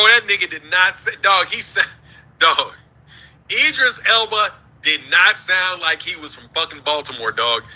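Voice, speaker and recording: A man from the United States rants in heated, profane commentary, laughing between his points. His voice sits high for a man and cuts with a hard, tense edge. He talks like a host holding forth on his own show. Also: sharp tone, poor audio. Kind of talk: ranting commentary.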